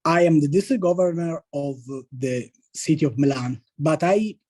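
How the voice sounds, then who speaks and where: A man of forty-one with a strong Sicilian Italian accent, speaking English as a second language and giving a presentation as a district governor, often halting and correcting himself. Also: on the high side, darkish tone, rough recording. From Sicily, Italy. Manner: halting, with frequent restarts and self-corrections. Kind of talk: presentation to an online meeting.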